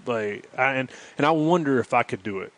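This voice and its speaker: A man's voice: mid-range voice, a little fast, dry recording, low-quality recording. A man with a light Southern North Carolina accent hosting a casual podcast chat, loose and rambling, swearing freely. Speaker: podcast host.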